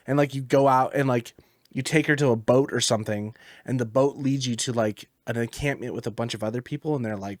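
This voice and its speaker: A man's voice: medium pitch, fast, dry recording, clean studio sound. A man hosting a gaming podcast, telling a rambling, profane story about his game in casual chat. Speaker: podcast host.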